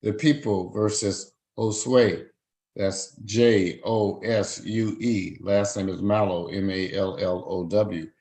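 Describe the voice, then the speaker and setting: A man's voice: lowish voice, steady tone, slow pace, warm tone, rough recording. A man presiding as a judge, formally reading out charges, fines and rights in a court hearing. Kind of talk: court proceedings over a video call.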